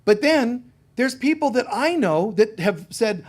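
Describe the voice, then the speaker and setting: A middle-aged man, a spiritual teacher, giving a conversational sermon, telling stories with lively acted-out quotes. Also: very high voice, unhurried. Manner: animated storytelling, acting out quoted voices.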